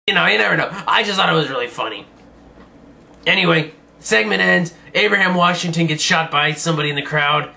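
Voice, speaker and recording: A man's voice: on the high side, fairly quick, vocal fry, sharp tone. A man giving a sarcastic, rambling, jokey review of a wrestling show in a casual style. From Virginia.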